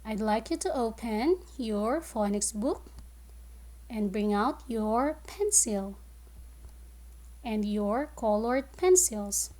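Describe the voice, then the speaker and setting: Slow, patient woman teaching phonics. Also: on the high side, animated, mellow. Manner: slow, clear, drawn-out word modeling with praise. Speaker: kindergarten teacher. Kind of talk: phonics lesson for young children.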